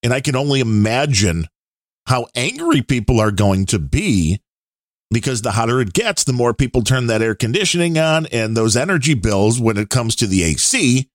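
An opinionated man hosting a casual talk show, with a middle-pitched voice. He chats easily, trailing off with fillers now and then. The sound is close and dry. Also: big pitch swings, no room sound. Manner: conversational, opinionated, drawn-out pauses and fillers. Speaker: podcast host. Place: Chicago area.

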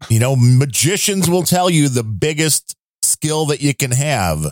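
A man's voice: medium pitch, lively intonation, a little slow, no room sound, studio quality. A man hosting a casual political podcast, who jokes, laughs often and speaks to his listeners as folks. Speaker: podcast host.

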